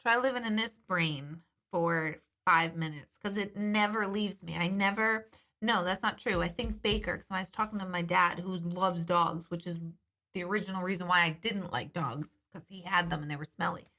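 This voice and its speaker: Chatty, bright-voiced woman host. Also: lowish voice, normal speed. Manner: chatty and candid, swears casually. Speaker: intuitive host reading viewer comments. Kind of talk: casual live-stream chat.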